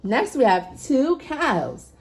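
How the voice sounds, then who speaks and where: Lady doing a kids lesson, slow and sing-songy, pitch jumps around a lot. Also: wildly swooping pitch. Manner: slow, sing-song, playful. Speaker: children's video host. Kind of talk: preschool teaching. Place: homestead.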